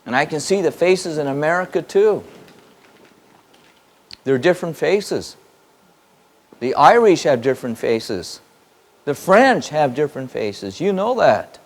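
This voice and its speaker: A man's voice: fairly high pitch, very animated, unhurried, pauses often. A man giving a spoken teaching to a live audience, emphatic and repetitive, firing off rhetorical questions. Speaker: spiritual teacher. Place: hall in front of an audience.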